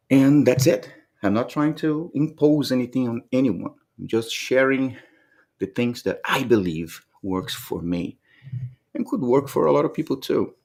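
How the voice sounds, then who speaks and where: A man with a somewhat low voice shares reflective motivational thoughts in a vlog. He talks earnestly and from the heart, often circling back and repeating words as he searches for what to say. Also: darkish tone. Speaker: motivational vlogger.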